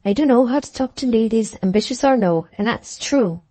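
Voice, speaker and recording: A woman's voice: on the high side, animated, brisk, warm tone, no room sound. Woman reading as an earnest, shy young Scotsman. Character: earnest young Scottish man, shy with women. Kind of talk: audiobook character reading.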